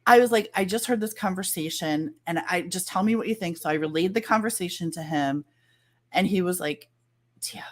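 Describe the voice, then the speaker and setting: A woman guest telling a story in casual chat, animated and acting out the lines of others. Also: on the low side, brisk. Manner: animated, acts out quoted dialogue.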